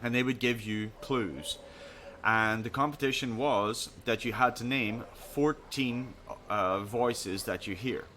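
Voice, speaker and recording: A man with a bright, forceful voice tells a story on a chat podcast, acting out each person he quotes. His tone is lively and casual. A faint hiss sits under the recording. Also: mid-range voice, slow. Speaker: podcast co-host.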